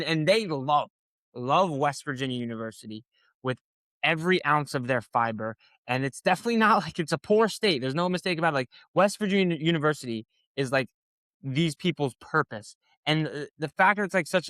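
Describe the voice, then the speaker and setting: A man's voice: on the high side, pushed and bright, dry recording. A man hosting a sports podcast, rambling passionately in casual commentary with frequent swearing and filler words. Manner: passionate, rambling, profane, lots of "like".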